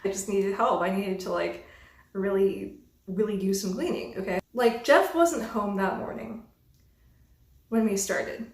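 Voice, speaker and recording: A young woman vlogger telling a storytime about a bad roommate, exasperated and animated, swearing freely. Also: medium pitch, unhurried. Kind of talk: casual storytime monologue. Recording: roomy echo.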